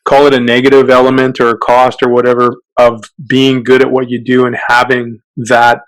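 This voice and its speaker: A man's voice: medium pitch, monotone, normal speed, no echo, poor audio. A man hosting an interview, asking reflective questions with a few fillers. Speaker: podcast host. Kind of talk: casual interview.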